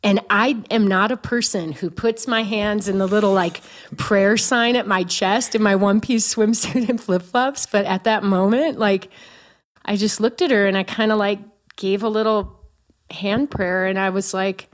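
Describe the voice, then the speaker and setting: A woman's voice: medium pitch, measured pace. A woman in her forties telling a personal story to a host. She is candid and self-mocking and laughs along the way. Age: 40s. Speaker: guest.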